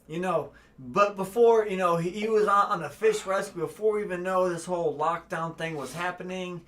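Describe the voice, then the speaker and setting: High, bright-voiced man reading donations. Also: normal speed. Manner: animated, heartfelt storytelling. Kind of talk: casual livestream chat.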